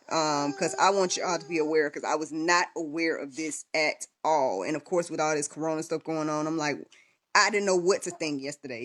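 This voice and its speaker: A woman's voice: low voice, slight background noise. A young woman telling a personal story in a casual livestream, chatty and full of fillers and restarts. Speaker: vlogger and podcast host.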